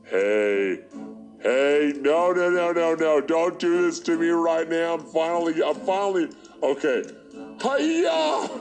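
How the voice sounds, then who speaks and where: A man giving excitable, playful gameplay commentary, often yelling in surprise. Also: high-pitched. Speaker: gaming video creator. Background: background music.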